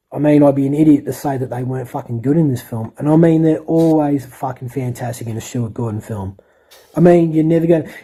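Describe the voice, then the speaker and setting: A man's voice: mid-range voice, dark tone, breathy edge, poor audio. A man rambling through a casual, profane film review as a podcast co-host. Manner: rambling, sweary, enthusiastic.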